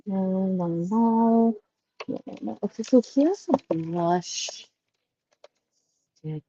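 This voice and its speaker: A woman's voice: mid-range voice, dark tone, dull audio. A woman vlogging casually while she shops in a store, chatty and rambling with folksy sayings. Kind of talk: casual shopping vlog.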